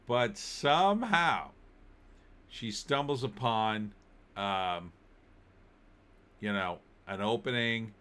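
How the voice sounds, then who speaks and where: Wry man with a bright, forceful voice. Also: on the low side. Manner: incredulous, wry plot recap. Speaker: film reviewer. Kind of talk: casual spoken film review.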